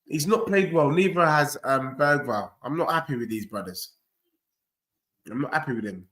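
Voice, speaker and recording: Young guy hosting a football watchalong, bright tone, cocky banter w chat. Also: a little high, expressive, moderate pace. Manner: cocky, trash-talking, addresses chat directly. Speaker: host of a football watchalong stream. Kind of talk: live stream banter reading chat.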